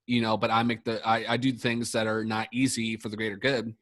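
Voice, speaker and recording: Fast-talking man rambling through a story. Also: fairly low pitch, little pitch movement, fairly bright tone, dry recording, studio quality. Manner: rambling, profane, many fillers and restarts. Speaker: podcast speaker, sports coach. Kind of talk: casual podcast storytelling.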